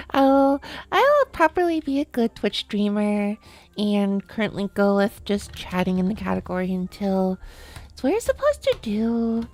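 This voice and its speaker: A woman streamer talks through a casual live-stream chat, rambling from thought to thought and giggling often. Her voice sits at a middle pitch, and she keeps restarting her sentences. Faint music plays quietly behind her.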